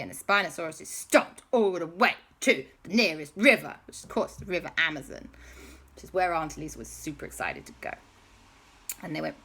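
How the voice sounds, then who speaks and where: A woman telling an improvised children's story, animated, with sound effects and dramatic pauses. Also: low voice, breathy edge.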